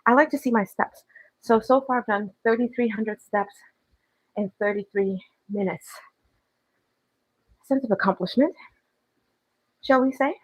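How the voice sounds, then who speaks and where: A woman's voice: on the high side, a little slow, long pauses, low-quality recording. A woman chatting on a livestream as she walks on a treadmill, reading and answering the live chat, a little out of breath. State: slightly out of breath from walking. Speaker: fitness vlogger. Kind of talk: casual livestream chat while walking on a treadmill. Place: home, on a walking treadmill.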